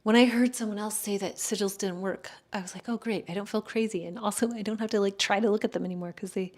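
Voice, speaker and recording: A woman talks casually as an astrologer taking viewer questions, her voice sitting at an ordinary middle pitch. She rambles and hedges, filling gaps with fillers and doubling back to correct herself. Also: steady tone, quick pace, darkish tone. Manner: rambling, hedging, many fillers and self-corrections. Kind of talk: casual livestream chat.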